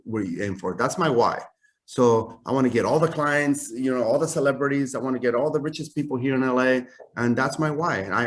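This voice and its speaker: A man in his fifties, a suit maker talking casually as an interview guest, self-assured and animated, often tagging lines with "right?". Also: medium pitch.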